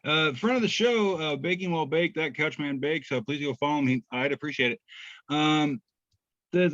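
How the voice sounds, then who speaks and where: A man's voice: on the high side, normal speed, a bit bright, dry recording. Man, podcast co-host, laid-back, self-deprecating, muffled, dry sound. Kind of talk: casual chat reading memes aloud.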